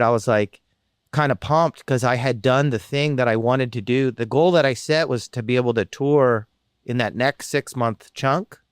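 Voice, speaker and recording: A smooth, medium-pitched male voice, recorded at studio quality without room sound, belongs to a comedian and former radio host from Canada. In casual interview storytelling he's chatty and rambling, pokes fun at himself, and restarts sentences quickly.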